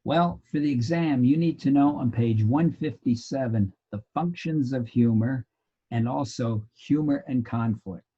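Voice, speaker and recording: A man's voice: medium pitch, a little slow, slightly rough, dull audio. A man teaching a sociology lecture, telling anecdotes. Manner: animated storyteller, bursts into loud laughter. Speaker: sociology instructor.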